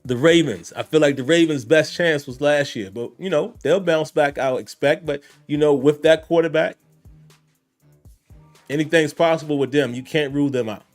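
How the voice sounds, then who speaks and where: A man's voice: fairly high pitch, normal speed, soft background music. Conversational man hosting a fan podcast. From Richmond. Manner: conversational, addresses listeners directly. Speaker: podcast host. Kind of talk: casual sports commentary.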